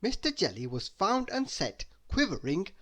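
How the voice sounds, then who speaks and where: A man reading a children's bedtime story aloud, slow and expressive. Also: high-pitched.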